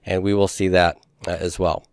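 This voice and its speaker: A man's voice that sits low and barely shifts in pitch, at a moderate pace, comes through a dry, studio-quality recording. As a Greek teacher giving a classroom lecture, he explains step by step, frequently asks "right?" or "okay?", and throws in the odd playful joke or pun.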